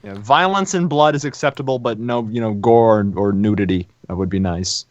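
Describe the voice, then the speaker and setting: A man's voice: fairly low pitch, brisk, a little mellow, dry recording. A man co-hosting a casual podcast, joking around and laughing a lot. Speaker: podcast co-host. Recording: dull lo-fi sound.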